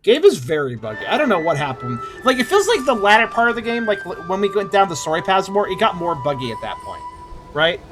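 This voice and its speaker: A man's voice: sits high, big pitch swings, fast, over music. A man giving casual, chatty let's-play commentary, swearing and joking as he plays. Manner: chatty, swears, laughs easily. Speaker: gamer.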